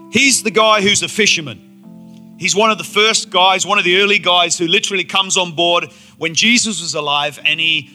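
A man's voice: sits high, pushed and bright. A man preaching a sermon to a congregation, telling the story with enthusiasm and playful asides. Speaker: pastor. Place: church auditorium before a congregation.

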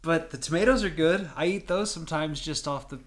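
A man's voice: on the high side, fairly quick, crowd noise. A man in casual conversation, easygoing and curious, often asking questions. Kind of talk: casual chat.

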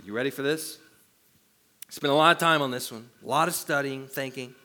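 A male pastor preaching a sermon in an animated way, with self-deprecating humor. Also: mid-range voice, brisk.

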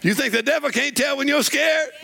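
A man preaching a sermon in a church, telling folksy stories and building up to shouted declarations. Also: very high voice, brisk, vocal fry. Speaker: pastor. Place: church sanctuary.

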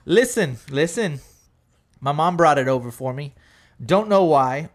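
Loud joking male podcast host. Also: a little high, animated, unhurried. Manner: loud, joking, heavy swearing. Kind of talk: casual podcast banter.

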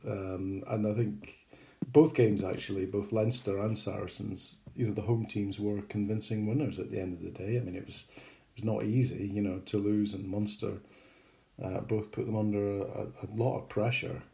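A man's voice: lowish voice, fairly even intonation, moderate pace, creaky, warm tone. A middle-aged man co-hosting a podcast, chatting casually and rambling with many hesitations. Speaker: podcast co-host. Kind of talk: casual chat.

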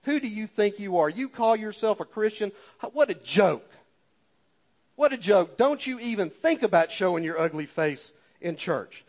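A preacher doing the sly whispering devil. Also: male voice, sits high, expressive, moderate pace. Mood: sneering. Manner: coaxing hushed whisper, then sneering scorn. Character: sly tempting male devil, cruel accuser.

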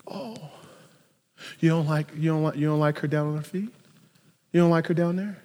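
A man voicing a calm teacher who pointedly questions his critics. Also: on the high side, moderate pace, long reverb tail, lightly acted. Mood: challenging. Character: Jesus, calmly challenging the critics.

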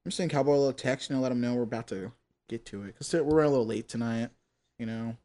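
A man's voice: medium pitch, quick pace, mellow. A man hosting a casual chat, laid-back, full of "like", "dude" and "man". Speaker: host.

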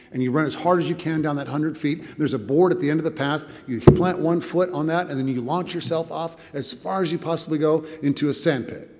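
A man's voice: on the high side, a little mellow, long reverb tail. A man preaching a sermon as a pastor, telling a story with swelling and dropping volume and repeated words.

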